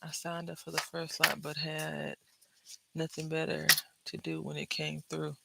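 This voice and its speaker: A woman's voice: low-pitched, monotone, a little slow, gravelly, very noisy. A woman chatting to her viewers about her day while she works on a craft project, telling stories as she goes. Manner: chatty storyteller, drifts between crafting and anecdotes; talks to viewers directly. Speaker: craft vlogger. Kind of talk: casual chat while crafting.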